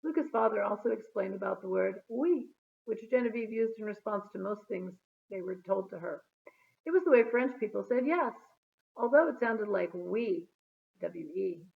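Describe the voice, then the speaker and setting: A woman reading a children's chapter book aloud in an expressive, storytelling manner. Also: medium pitch, moderate pace, gravelly. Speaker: storybook reader. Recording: phone-like narrow sound.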